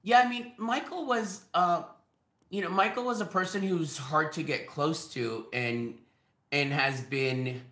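A man who works as a realtor, a podcast guest telling personal stories in an animated way, laughing often and acting out the dialogue. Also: on the high side, measured pace. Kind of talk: anecdotal storytelling. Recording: echoey room.

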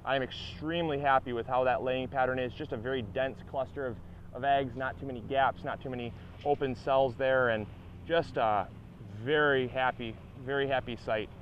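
A man's voice: mid-range voice, moderate pace. Young man, gardening vlog host, casual outdoor talk, filler-heavy, slightly muffled lo-fi sound, faint outdoor noise. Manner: relaxed, many fillers and restarts, upbeat. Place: outdoors by a beehive.

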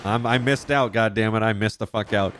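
A man's voice: lowish voice, steady tone, brisk, over music. A man streaming police role-play, chatting casually, swearing often and laughing easily. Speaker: streamer playing a police officer.

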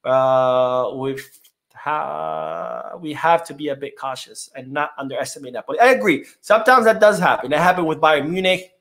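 A man's voice: fairly high pitch, normal speed, a bit bright. A man hosting a casual live-stream podcast, reading chat comments in a loose, chatty way with many fillers.

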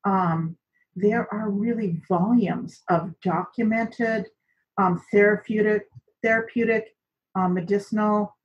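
Speaking slowly in a mid-range voice, the woman leads an online class on cooking and seaweed, talking casually with lots of fillers. Her audio, captured on camera for the class, comes across dull and lo-fi.

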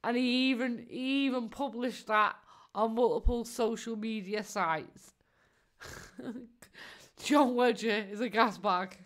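Woman, live-stream commentary, mocking, laughs a lot, slightly high voice. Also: slow pace. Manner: mocking, laughs often, swears casually.

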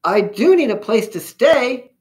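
Pox, a man voicing a squeaky little boy germ. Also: very animated, a little slow, darkish tone, heavily acted. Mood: hopeful. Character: small plucky boy germ, earnest hero.

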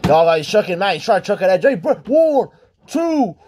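Wrestling caller with a very high male voice, excitable, shouts and swears. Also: racing, slight background noise. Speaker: wrestling commentator. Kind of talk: excited play-by-play commentary.

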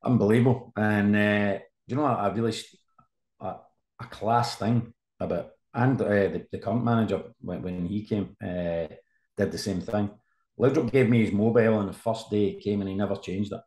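A man in his fifties, a sports journalist guest, telling animated anecdotes in casual conversation. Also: lowish voice, moderate pace. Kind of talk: casual storytelling. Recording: roomy echo.

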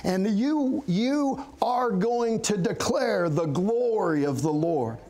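Slow-speaking earnest pastor man. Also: sits high, animated, dark tone. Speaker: pastor, guest. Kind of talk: testimony interview.

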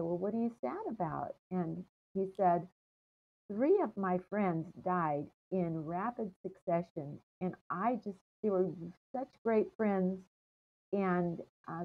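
An older American woman with a fairly low voice wanders through her stories, stopping often for ums and trailing pauses. Her voice comes through a thin, phone-like line that cuts the lows and highs. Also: creaky. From United States. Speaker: interview guest. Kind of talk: casual storytelling interview.

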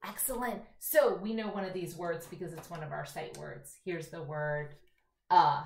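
A woman kindergarten teacher giving an online phonics lesson from home, speaking slowly and clearly with encouragement. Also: on the low side, darkish tone, reverberant. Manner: slow, clear and encouraging, drawn-out reading aloud. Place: home room.

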